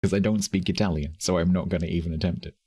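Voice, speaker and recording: A man's voice: sits low, fairly even intonation, fast, mellow, slightly rough, no room sound. An English man streaming a game, chatting casually and rambling with dry, self-amused asides as he reads chat. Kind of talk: casual live-stream chat while gaming.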